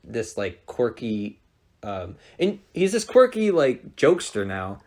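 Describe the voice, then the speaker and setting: A man's voice: mid-range voice, very animated, slow, darkish tone. A young man co-hosting a casual podcast, laid-back and analytical, with casual swearing. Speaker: podcast co-host. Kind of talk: casual chat.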